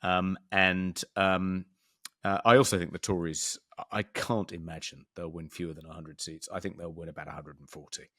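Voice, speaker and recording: A deep-voiced man co-hosting a political podcast. He pauses and restarts often, filling gaps with ums, in a dry, close recording with no room sound. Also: little pitch movement, fairly bright tone, no room sound. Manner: hesitant, many ums and restarts. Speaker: podcast co-host. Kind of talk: casual political discussion.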